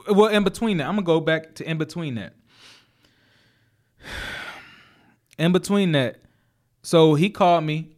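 A young man with a notably high voice tells a story in loose, casual chat. He is animated and profane, drops street slang, stumbles through restarts, and laughs often as he goes.

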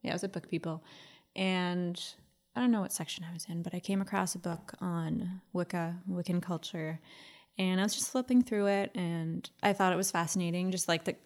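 A woman's voice: lowish voice, steady tone, fairly quick. A woman co-hosting a podcast in casual chat, talking freely and laughing often. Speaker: podcast co-host.

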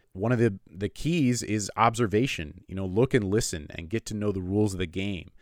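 A man, a medical illustrator, telling a personal story in a relaxed, conversational way with lots of "you know" fillers. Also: low-pitched, dry recording, studio quality.

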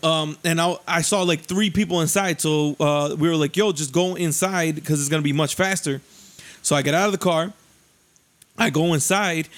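Animated high-voiced man telling a story. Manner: animated, laughing, acts out voices with rising pitch; profane, slangy. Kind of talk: casual storytelling.

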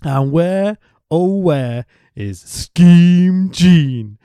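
A man putting on a cocky, swaggering male wrestler's voice, drawling out a slow, menacing challenge. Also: on the high side, lively intonation, warm tone, smooth, dry recording, clean studio sound, pitched above the performer's own voice, full character voice.

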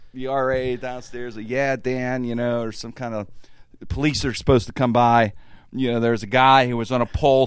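A man's voice: medium pitch, dry recording. A man hosting a casual chat, telling a story and laughing while he acts out voices.

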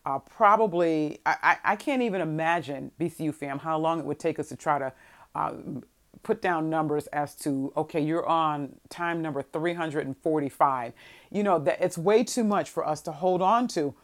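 A woman preaching a sermon, reading scripture slowly and moving between soft stretches and emphatic bursts. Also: deep voice. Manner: reads scripture in a slow, measured voice.

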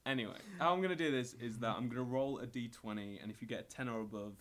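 A man's voice: medium pitch, quick pace, a bit bright. A man, narrating a tabletop game as game master in a loose, rambling way with many restarts. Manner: rambling, repeats words while narrating.

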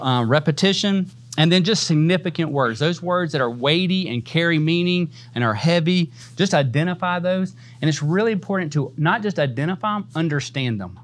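A man with a slightly higher voice than most teaches a church Bible class. He talks casually and conversationally, often tagging his points with "man" and "right?". He breaks into easy laughter now and then.

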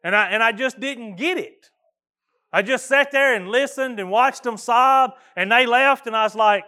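A middle-aged pastor with a drawl delivers a sermon in a notably high voice. He speaks folksy and earnest, often stumbling and restarting his phrases. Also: normal speed, pushed and bright.

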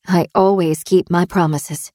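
A calm male captor read by a woman narrator speaks slowly and quietly, each word measured. The voice sits low and level, close and dry, with no warmth in it. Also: no echo. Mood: cold. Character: calm, cold male captor, middle-aged.

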